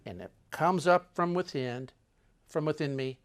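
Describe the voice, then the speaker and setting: An older man telling a travel story with dramatic, animated delivery that swings between loud and hushed. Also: on the high side, a little slow.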